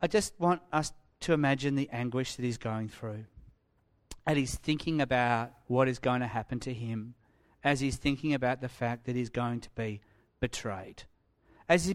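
A man preaching a sermon as a pastor, telling the story with animated swings from loud to hushed. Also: medium pitch.

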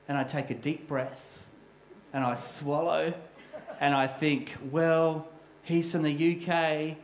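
A man's voice: a little high, flat delivery, takes it slowly, reverberant, a little hiss or hum, poor audio. A middle-aged man preaching a sermon as a pastor, telling a personal story in a candid, self-deprecating way.

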